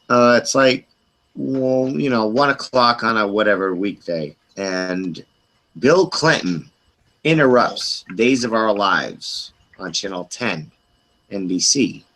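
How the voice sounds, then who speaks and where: A middle-aged man on an open group call, casually telling a long, profane, animated story with quoted voices. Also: lowish voice, takes it slowly, rough recording. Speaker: hangout participant.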